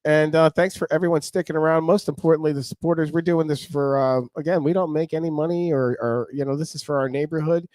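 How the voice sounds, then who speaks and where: A man hosting a local talk show, upbeat and promotional, tossing in quick quips between segments. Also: a little high, steady tone, a little mellow, no room sound.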